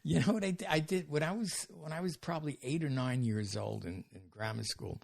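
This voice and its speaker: This is a comedian in his seventies from New York, talking casually in an interview. His voice is gravelly and a little raspy. He wanders from one story to the next and keeps amusing himself along the way. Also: a little high, brisk. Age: 70s. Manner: rambling, self-amused anecdotes. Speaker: comedian guest.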